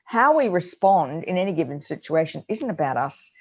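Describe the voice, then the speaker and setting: A middle-aged woman, co-hosting a parenting advice chat and telling stories in an animated way. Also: fairly low pitch, moderate pace. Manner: animated storyteller, acts out her own yelling. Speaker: co-host.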